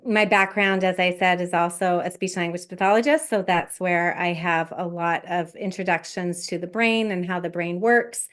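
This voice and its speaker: A woman guest on a podcast, a life coach explaining her work in a measured, step-by-step way. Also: medium pitch, clear, resonant tone. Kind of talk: explanatory interview talk.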